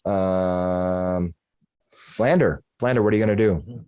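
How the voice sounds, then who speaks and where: A man's voice: deep voice, takes it slowly, mellow, smooth. A man acting as dungeon master for a tabletop game, narrating the monsters' actions with relish.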